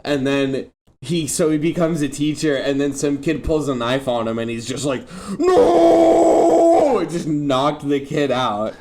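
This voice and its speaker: A young man chats in a loose, rambling way, his voice at a middle pitch. A faint hiss sits under the recording. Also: fairly even intonation, normal speed. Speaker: podcast co-host. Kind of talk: casual chat.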